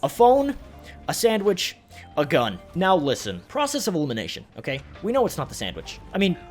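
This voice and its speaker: A man's voice: high voice, wildly swooping pitch, a little fast. A young man from Canada telling a profane, rambling comedic story over gameplay. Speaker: gaming channel host. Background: faint background music.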